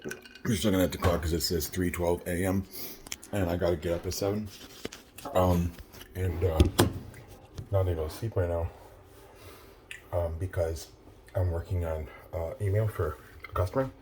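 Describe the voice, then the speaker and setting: A man's voice: low-pitched, fairly even intonation, moderate pace, long pauses, warm tone, a little hiss or hum. A very tired man in his thirties rambling through a late-night confessional vlog, profane and full of fillers. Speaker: vlogger.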